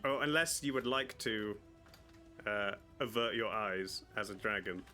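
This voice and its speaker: A man runs a tabletop game as dungeon master, describing the action in a bright, forward voice. He talks in a relaxed, hesitant way, full of fillers and small chuckles. Faint music plays underneath. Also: on the low side, a little slow. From United Kingdom.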